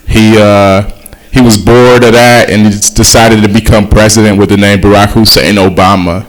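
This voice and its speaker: A man's voice: lowish voice, level tone, moderate pace. Laid-back young man doing stand-up. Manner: laid-back, self-deprecating, conversational punchlines. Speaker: stand-up comedian. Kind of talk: stand-up comedy routine.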